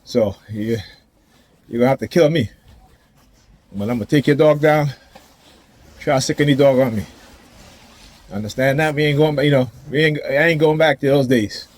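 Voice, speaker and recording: A vlogger rants defiantly to the camera outdoors, his voice mid-range and his pace moderate with frequent pauses. The vlog is casual and confrontational, and he laughs now and then.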